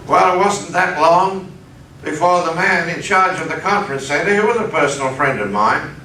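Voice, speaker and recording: A man with an Australian accent preaching, telling a personal story in an animated way and leaping up in pitch for the lines he quotes. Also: normal speed, slight background noise. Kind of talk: sermon storytelling. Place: conference hall. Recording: echoey hall, distant mic.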